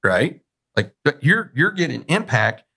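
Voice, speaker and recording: A man's voice: on the high side, very animated, unhurried, vocal fry, bright, forceful tone, husky. A male podcast host and Marine veteran in a casual interview, telling long anecdotes and acting out other people's words. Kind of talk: conversational interview.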